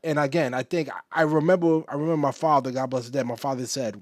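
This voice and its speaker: A man on a casual podcast, talking in a reflective, measured way and dropping low and quiet to make a point. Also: steady tone, no room sound, clean studio sound. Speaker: podcast guest. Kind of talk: casual chat.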